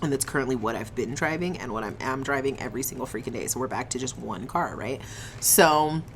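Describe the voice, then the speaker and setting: A young woman telling a casual storytime on her vlog, animated and slangy, swearing and laughing often, eating on camera. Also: a bass voice, slight background noise. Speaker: vlogger.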